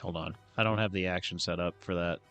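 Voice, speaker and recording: A man's voice: deep voice, fairly even intonation, fast talker, a bit bright, smooth, highs cut off, faint music behind. A man playing a tabletop game, joking around and muttering to himself while he rolls dice. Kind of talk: casual game chat.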